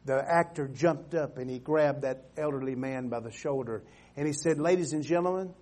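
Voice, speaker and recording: A male pastor preaching a sermon, calling for amens and drawing scripture out slowly, swinging from loud exhortation to hushed storytelling. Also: mid-range voice, steady tone. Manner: emphatic, calls for amens, stretches scripture slowly.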